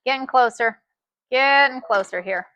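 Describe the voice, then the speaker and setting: A woman walks viewers through a sewing project in a live tutorial, chatty and folksy. Her voice is bright and slightly high, recorded close and dry. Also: normal speed, no room sound. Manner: chatty, says "y'all" a lot. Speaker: sewing instructor.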